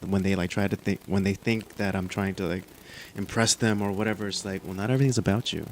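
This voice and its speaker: A man on a podcast shares an anecdote in a loose, rambling way, full of "like" and "you know". He speaks quickly in a low voice, with light background noise. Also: little pitch movement. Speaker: podcast host. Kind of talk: casual chat.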